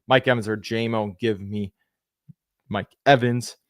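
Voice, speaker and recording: A young man with a low-pitched voice hosts a casual live Q&A. He reads viewer questions aloud, answers them briskly and thanks people by name. The sound is dry and close, with no room echo. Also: fairly even intonation. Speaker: fantasy football livestream host.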